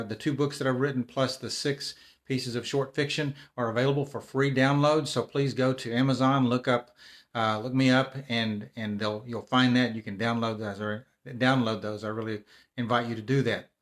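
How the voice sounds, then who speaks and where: A middle-aged man speaks to his viewers in an easygoing, conversational way. His voice sits at an ordinary middle pitch, and he often restarts and repeats words as he goes along. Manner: conversational, frequent restarts and repetitions. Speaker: live video host. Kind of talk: casual talk to camera.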